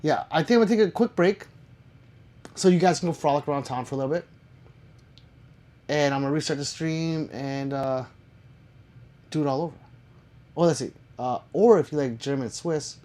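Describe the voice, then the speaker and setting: A man's voice: medium pitch, normal speed, long pauses, dark tone. A man chatting casually on a live stream, reading viewer comments aloud and answering them with jokes and swearing.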